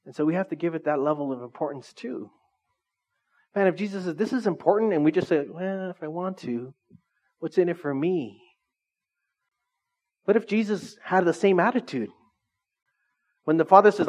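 Heard through a dull lo-fi recording, a man preaches to a small church in a casual, conversational way, joking and addressing the congregation head-on. He's a pastor with a high-pitched, darkish, animated voice, speaking at a moderate pace with long pauses.

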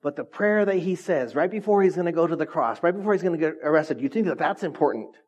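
A man's voice: fairly high pitch, animated, fast, darkish tone. A male pastor preaching a sermon to his congregation in a casual, joking way, often asking them questions, in a dull, lo-fi recording. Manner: conversational, joking, constantly quizzes the congregation. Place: church, before a congregation.

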